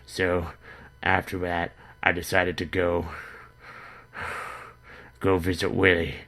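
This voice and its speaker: Low-voiced guy rambling deadpan, bright forceful tone. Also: takes it slowly. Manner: rambling, deadpan, stammering restarts. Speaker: comedy vlogger in character. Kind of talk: comic deadpan monologue.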